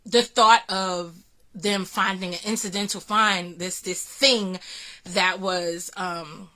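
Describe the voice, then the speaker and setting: A woman's voice: mid-range voice, fairly even intonation, slow, sharp tone. A woman vlogger earnestly recounting a personal experience, full of restarts and fillers. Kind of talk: personal storytelling vlog.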